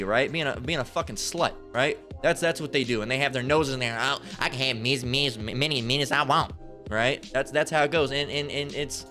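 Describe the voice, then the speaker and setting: Man, street preacher, profane Bible rant, mid-pitched voice, stammering restarts, keeps tagging "right?", soft music behind.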